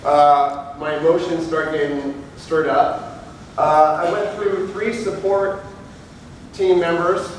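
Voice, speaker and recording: A man's voice: fairly high pitch, fairly even intonation, takes it slowly, slight background noise. A man, a police officer, telling his own story candidly to an audience and acting out the people he quotes. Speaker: police officer giving a talk. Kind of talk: personal testimony to an audience. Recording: echoey hall, speaker far from mic, faint ambience.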